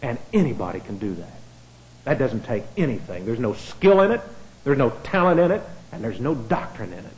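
A man preaching a sermon as pastor, blunt and digressive, with many restarts and swings from quiet asides to loud emphatic lines. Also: medium pitch, big pitch swings, brisk. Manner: blunt, digressive, with frequent restarts and a dry chuckle. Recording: echoey room.

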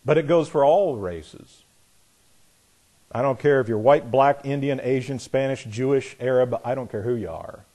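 A man preaching a sermon in a folksy, sarcastic way, acting out imagined voices in quotes and getting louder on his punchlines. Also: medium pitch, normal speed.

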